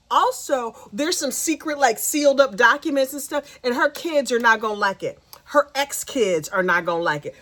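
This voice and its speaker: Woman, gossip channel host, sassy commentary, playful asides, higher pitch, very animated. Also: moderate pace, few pauses.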